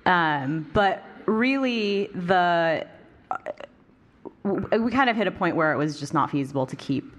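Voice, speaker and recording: Low-voiced woman podcast host chatting. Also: animated, normal speed, a bit bright. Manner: chatty, laughs often, hesitant restarts; swears casually. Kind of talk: casual chat.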